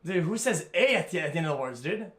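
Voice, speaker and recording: An exasperated man rants and swears during a game stream, his voice jumping around a lot in pitch. The sound is roomy and echoey. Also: animated, fast talker, fairly bright tone. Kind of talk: gaming livestream reactions.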